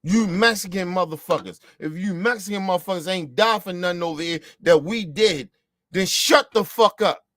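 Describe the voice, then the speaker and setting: A man's voice: sits high, moderate pace, fairly bright tone, no echo, clean studio sound. A man from the United States delivering a heated, profane, repetitive ranting monologue as a show host.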